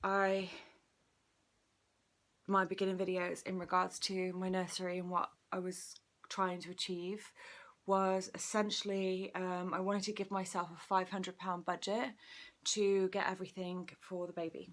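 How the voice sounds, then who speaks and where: A woman's voice: lowish voice, level tone, measured pace. A young woman talks through a casual home vlog update. She rambles along with fillers, a little out of breath as she goes. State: slightly out of breath. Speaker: vlog host.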